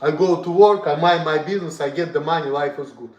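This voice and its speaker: A young man from Russia with a Russian accent, ranting bluntly and profanely on a livestream, repeating himself and swinging between loud and soft. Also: on the high side, quick pace. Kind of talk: casual rant to stream.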